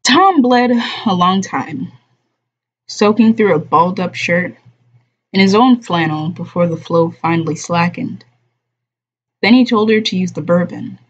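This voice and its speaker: Slow, husky woman reading aloud. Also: fairly low pitch. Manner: slow, measured reading, softly voicing the dialogue. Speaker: streamer reading a novel aloud. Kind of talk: unhurried audiobook-style reading. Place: home streaming room. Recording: dull lo-fi stream audio.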